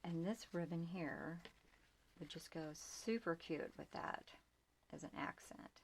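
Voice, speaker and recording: Slow, soft-spoken grandmother showing ribbons. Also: lowish voice, vocal fry, slight background noise. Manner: chatty, homely, often drops to a near whisper. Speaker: small shop owner showing ribbons. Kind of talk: casual product show-and-tell.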